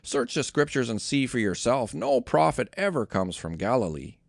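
A man's voice: medium pitch, sing-song, moderate pace, creaky, dry recording, studio quality. A man reading scornful male religious leaders.

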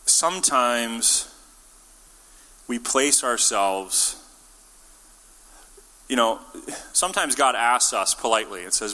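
A man's voice: medium pitch, animated, slow, long pauses, bright, forceful tone. Man preaching casually in a reverberant hall. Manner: casual and jokey, acts out quotes. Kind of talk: conversational sermon. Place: church.

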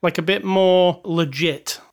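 Relaxed male co-host, chatty movie review talk, unhurried. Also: high-pitched. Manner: relaxed, chatty, thinking aloud. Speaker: podcast co-host. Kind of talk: casual film review chat.

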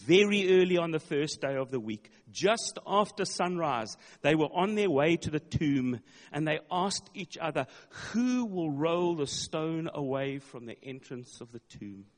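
High-voiced man preaching in a reverberant hall. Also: expressive, measured pace, few pauses. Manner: emphatic, dramatic retelling with repeated words. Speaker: pastor. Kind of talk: sermon.

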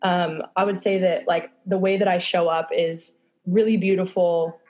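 Woman, young adult, candid podcast guest, lowish voice, casual, swears often. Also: steady tone, moderate pace, a little mellow, dull audio, slight background noise. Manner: casual, frequent fillers and swearing.

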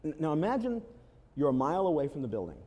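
A man's voice: on the high side, quick pace. Emphatic male pastor preaching a sermon. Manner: animated storytelling with emphatic repetition. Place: church before a congregation.

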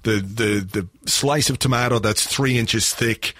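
A man co-hosting a football podcast in casual, wry chat that drifts into jokey asides. His voice sits at an ordinary middle pitch. The sound is close and dry, with no room around it. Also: unhurried, a bit bright, no room sound. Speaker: podcast co-host.

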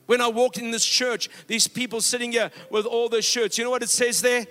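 A man's voice: extremely high pitch, fairly even intonation, brisk, hardly any pauses, fairly bright tone, faint music behind. A man pastor preaching a sermon in a church, exhorting the congregation and telling stories with quoted dialogue. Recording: long hall reverb.

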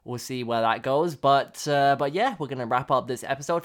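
A man's voice: mid-range voice, normal speed, slight background noise. A young man in casual podcast talk, rambling with plenty of "like"s. He laughs often. His voice sits in a middle register. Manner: chatty, laughs often, many fillers. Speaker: podcast co-host. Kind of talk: casual chat.

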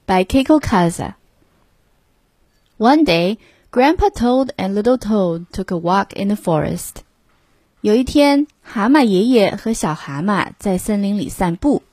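A woman reading a children's storybook aloud, line by line in two languages, clearly and expressively. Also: medium pitch, expressive, a little slow, a little mellow, no echo. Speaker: storybook reader.

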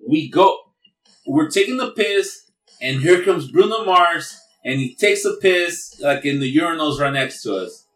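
Man, casual storyteller, profane and animated, Spanish words mixed in, echoey room, off-mic. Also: a little high, unhurried, recorded from a distance. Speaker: podcast guest telling a story.

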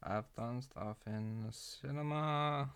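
A man's voice: medium pitch, slow pace, gravelly, a bit bright, clean tone. A young man, chatting casually on a podcast, using laid-back slang and laughing often. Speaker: podcast co-host.

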